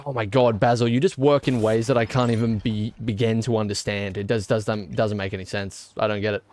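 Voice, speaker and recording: A man's voice: on the low side, fairly even intonation, a little fast, darkish tone. A man with an Australian accent chatting casually while streaming a game, rambling and joking with mock indignation. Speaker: gaming streamer. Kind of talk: casual live-stream chat while playing.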